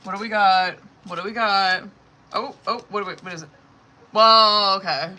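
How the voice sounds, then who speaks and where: A bright, clear-voiced woman doing a live tarot reading, talking bluntly to her viewer and peppering every line with swearing. She names each card as she draws it, and her delivery jumps between frank and emphatic. A faint hum of room ambience sits behind her. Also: mid-range voice, brisk. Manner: blunt, swears often, talks straight to the viewer; expressive, talks through cards as she draws them. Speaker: tarot reader.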